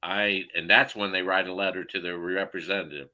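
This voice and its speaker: Pissed off guy ranting and cussing on a call, low pitch, real sharp tense tone. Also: steady tone, a little fast, hardly any pauses, rough recording. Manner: profane, heated, loud outbursts. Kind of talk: angry political rant.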